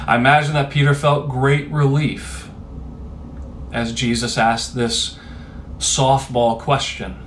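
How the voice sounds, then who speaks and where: A man's voice: mid-range voice, fairly even intonation, slow, fairly bright tone, a little hiss or hum. A man preaching a sermon in a conversational, emphatic way, with rhetorical asides to his listeners.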